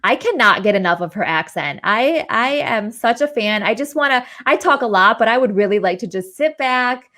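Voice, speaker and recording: A woman hosting a charity livestream and interviewing a guest, effusive and gushing, quick to laugh. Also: on the high side, animated, sharp tone. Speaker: host.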